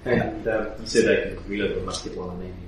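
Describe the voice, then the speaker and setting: Man calmly describing his character's moves. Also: low-pitched, fast. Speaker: player. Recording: distant mic in echoey room with background noise.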